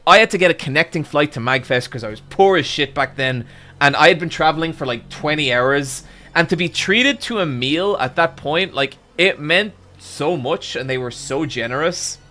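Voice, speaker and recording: A young man telling a long, animated story to his stream chat, swearing often and stumbling over restarts. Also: fairly high pitch. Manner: animated, swearing, with frequent restarts and "I'm like" quotes.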